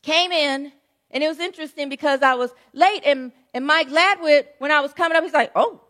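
A woman pastor in middle age preaches a sermon in a relaxed, storytelling manner. Her voice sits high and light, and she keeps checking in with the congregation as she goes. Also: a little fast. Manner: conversational storytelling preaching, frequent "right?" asides.

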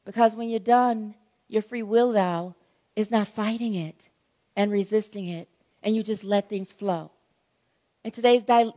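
High-voiced woman pastor preaching conversationally. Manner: conversational storytelling preaching, frequent "right?" asides. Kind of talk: sermon.

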